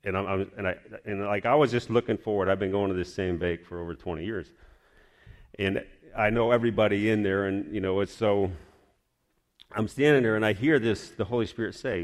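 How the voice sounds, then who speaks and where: A man's voice: on the low side, fairly quick. A man telling a personal faith story in a casual, rambling way, with many restarts. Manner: rambling, restarts often, animated retelling. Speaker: storyteller sharing a personal testimony. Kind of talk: casual spoken testimony.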